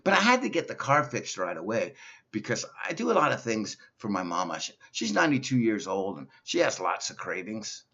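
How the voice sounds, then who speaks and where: A male comedian doing a stand-up monologue in a slow, simple-minded persona, telling silly stories. The recording is dull and lo-fi. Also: lowish voice, very animated, sharp tone, breathy edge.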